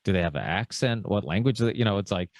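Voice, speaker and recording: A man's voice: on the low side, lively intonation, quick pace, no echo, studio quality. A man hosting a podcast, chatting easily and telling stories in a loose, conversational way. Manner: easygoing, chatty, quotes himself with "I'm like". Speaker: podcast host. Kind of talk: casual podcast chat.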